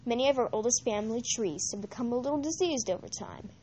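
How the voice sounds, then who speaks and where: Woman reading as menacing male dark lord, cold, slow, quiet, mocking, storybook reading. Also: fairly high pitch, expressive, a little hiss or hum, natural voice. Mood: cold mockery.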